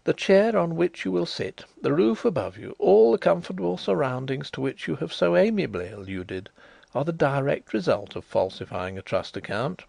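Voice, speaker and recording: Man doing a genial blind detective, smooth and calm, lively pitch, dry sound. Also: normal speed, no room sound, exaggerated voice. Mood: suave. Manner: suave and placid.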